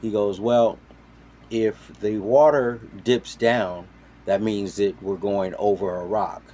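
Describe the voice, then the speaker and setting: A man casually telling a story, animated, jumping between loud quoted voices and quiet asides. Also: lowish voice, takes it slowly. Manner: animated, acts out quoted voices with sudden loud and soft swings. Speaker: storyteller on a talk show.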